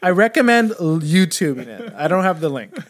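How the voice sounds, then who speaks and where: Guy with a slightly high voice, swearing a lot, riffing funny stories on a podcast. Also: very animated, a little fast. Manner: profane, rambling comic storytelling. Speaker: podcast guest. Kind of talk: casual chat.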